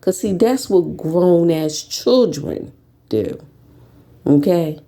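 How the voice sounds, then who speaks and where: Recording at home with faint background noise, a woman delivers blunt, profane YouTube ranting commentary. Her gravelly, mellow voice moves slowly with lively intonation, swinging from low mutters to sharp high bursts.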